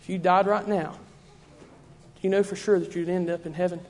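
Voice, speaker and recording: A man's voice: high-pitched, little pitch movement, brisk, darkish tone, big-room sound. A man preaching a sermon in a church, fervent and repetitive in his cadence.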